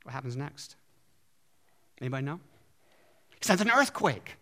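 A man preaching a sermon in an animated way, often asking his listeners questions. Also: mid-range voice, normal speed, pauses often. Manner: animated, asks the audience questions.

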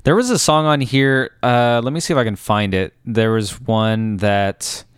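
A man's voice: mid-range voice, measured pace, clear, resonant tone, dry recording, clean studio sound. A man co-hosting a casual music chat, laid-back and hesitant as he searches for words. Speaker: podcast co-host.

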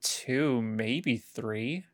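A man's voice: medium pitch, drawn-out words, no echo. A man in his thirties with a mid-range voice co-hosts a casual podcast, telling anecdotes with wry, understated humor. His voice is recorded close and dry, with no room sound. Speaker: podcast co-host. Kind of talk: casual chat.

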